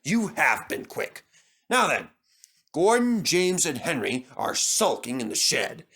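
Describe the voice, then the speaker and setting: Sir Topham Hatt, a man doing a brisk railway boss. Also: fairly high pitch, big pitch swings, pushed and bright, husky, exaggerated voice. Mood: commanding. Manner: commanding, proper.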